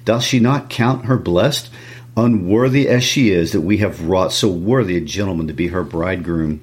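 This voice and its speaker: A man's voice: sits low, moderate pace, lightly acted. A man reading the part of a proud, indignant noble father in a classroom read-aloud, blustering through questions.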